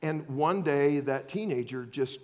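A man preaching a sermon, swinging between loud acted-out outbursts and quiet, earnest asides. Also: on the high side, unhurried. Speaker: pastor.

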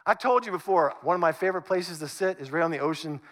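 A high-pitched man preaching to his congregation with animated, conversational energy. He swings between loud emphasis and hushed asides as he acts out the text. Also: fast talker. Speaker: pastor. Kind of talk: sermon.

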